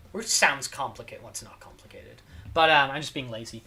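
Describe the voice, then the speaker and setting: A livestreamer chatting loosely with viewers, voice bright and clear-edged. The talk wanders and loops back on itself, full of filler words. The mood stays tired and easygoing. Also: mid-range voice, lively intonation, fairly quick, soft background music. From not from Spain, lives in Spain. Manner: rambling, repeats phrases, lots of "dude" and "like". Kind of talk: casual stream chat.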